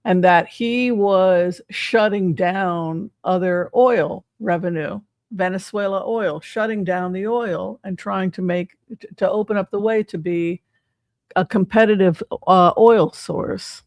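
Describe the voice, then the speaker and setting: A psychic tarot reader gives casual, chatty livestream commentary, often throwing rhetorical questions at the audience. Her voice is mid-range, recorded at studio quality with no echo.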